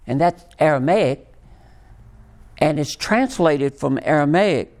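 A man delivers a sermon in a fairly high, gravelly voice. His pitch swings widely as he presses each point home, slow and emphatic. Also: animated, a little mellow. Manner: slow, emphatic preaching with rising and falling emphasis. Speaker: pastor.

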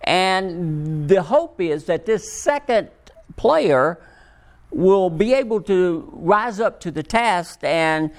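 A man delivers a sermon in a fairly high, gravelly voice. His pitch swings widely as he presses each point home, slow and emphatic. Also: expressive. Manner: slow, emphatic preaching with rising and falling emphasis. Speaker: pastor.

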